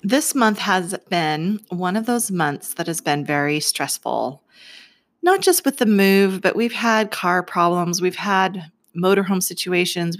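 A woman in her forties telling a story to camera in a chatty way, laughing often and acting out the voices in it. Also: fairly low pitch. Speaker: vlogger.

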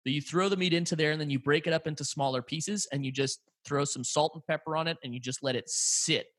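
A man's voice: fairly high pitch, fairly even intonation, quick pace, a bit bright, no echo. Upbeat, swearing American man. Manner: loose, profane and laughing, explains with relish. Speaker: podcast co-host. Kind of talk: casual chat. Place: office room with a large archway.

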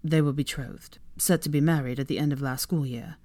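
A sullen young wizard, played by a woman reader who drops her voice very low and keeps it flat and grumbling. The storybook reading sounds close and dry, with no room around it. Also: a little fast, no room sound. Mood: somber. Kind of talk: audiobook fan-fiction reading.

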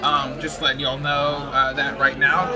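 A man's voice: mid-range voice, completely flat delivery, normal speed, pitched below the performer's own voice, close to an everyday voice. A man voicing a huge, laid-back male bugbear who rambles casually with many fillers and says y'all. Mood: friendly. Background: background music.

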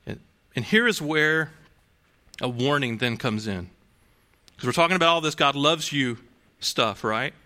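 A man's voice: mid-range voice, lively intonation, unhurried, bright, forceful tone. A man preaching a sermon to a congregation in a conversational way, asking rhetorical questions and restarting phrases. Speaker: pastor.

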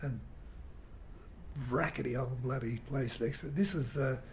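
An older man telling a rambling, animated story in an interview. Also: medium pitch, unhurried, a little hiss or hum. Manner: rambling, animated storyteller who mimics guitar sounds. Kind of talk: reminiscing anecdote.

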